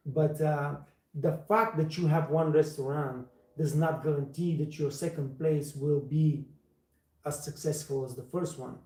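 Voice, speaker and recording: A man's voice: a little high, fairly even intonation, a little slow, mellow. Emphatic man, echoey room. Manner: emphatic, repeats words for stress, non-native phrasing. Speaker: livestream host and waiter trainer. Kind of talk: casual livestream talk.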